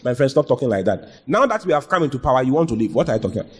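Man doing overconfident disciple, blustering, scolding, husky, echoing hall. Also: mid-range voice, big pitch swings, racing. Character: brash, overconfident male disciple scolding his teacher. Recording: reverberant hall.

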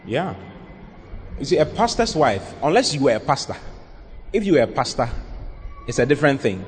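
Earnest pastor counseling in a hall. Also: male voice, mid-range voice, sing-song, normal speed, a little hiss or hum. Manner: earnest, emphatic, repeats his points. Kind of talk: sermon counseling Q&A. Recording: long reverb in a large hall.

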